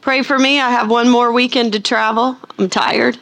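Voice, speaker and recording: A middle-aged woman from the United States, a Bible teacher chatting to her audience before the sermon, rambling and animated with playful asides. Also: on the high side, moderate pace, gravelly.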